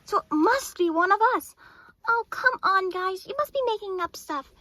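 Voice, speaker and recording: A woman voicing anime schoolgirls at a sleepover in a plush toy video, with excitable, quick back-and-forth chatter. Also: extremely high pitch, no echo, exaggerated voice. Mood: lively.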